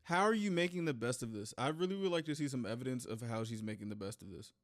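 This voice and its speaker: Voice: mid-range voice, animated, fast talker, dry recording, studio quality. A reaction video host who comments casually and incredulously, swears a lot, and repeats lines to mock them. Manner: loud, incredulous, swears, mocking repetition.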